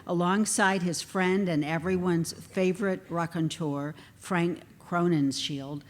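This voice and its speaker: A woman hosting an awards ceremony, reading introductions of inductees and adding chatty asides. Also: deep voice. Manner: warm, chatty asides between scripted lines. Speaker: ceremony emcee. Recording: long hall reverb, faint background noise.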